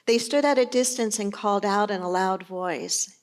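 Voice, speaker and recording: A woman's voice: medium pitch, moderate pace. A middle-aged woman pastor giving a sermon in a conversational, storytelling manner.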